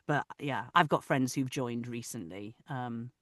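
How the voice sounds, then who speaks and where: A woman with a Manchester accent, an audiobook narrator chatting in an interview over a video call; she laughs often and lets her sentences trail off softly. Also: a bass voice, unhurried, dry recording, studio quality. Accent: Manchester English. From Manchester, England. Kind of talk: casual interview chat.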